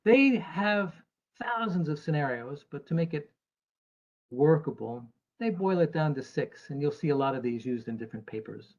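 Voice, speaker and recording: A man's voice: a little high, lively intonation, normal speed, lo-fi sound. An American man, an actuary, giving a presentation to investors in an earnest, emphatic way with dry asides. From United States.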